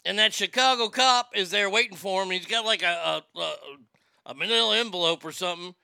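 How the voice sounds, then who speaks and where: Male stream host, profane ranting chat; smooth, clear voice, dry close sound. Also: high voice, fairly quick, bright, forceful tone, no echo. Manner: ranting, profane, reads viewer comments aloud. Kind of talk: casual live stream chat.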